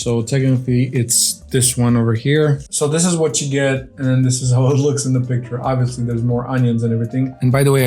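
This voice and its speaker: A man at a mid pitch talks loosely to his viewers, eating and chatting as he goes. His talk rambles with fillers and restarts, and soft guitar music plays faintly behind him. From grew up outside the USA. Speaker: vlog host. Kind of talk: casual chat while eating on camera.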